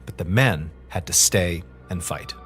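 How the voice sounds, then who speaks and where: A man narrating a true story in a conversational, dramatic manner, pitching up as the tension builds. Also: measured pace, a bit bright, soft background music. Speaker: storyteller host.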